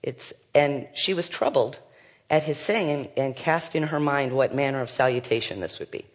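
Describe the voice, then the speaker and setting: A Bible teacher with a mid-range voice and moderate pace leads a study, reading scripture aloud and commenting with lots of fillers and asides. The recording sounds dull and carries a long hall reverb.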